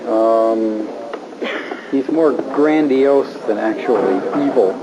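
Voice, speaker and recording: A man, an improviser, talking reflectively in an interview with many halting restarts. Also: lowish voice, muffled recording, noisy background.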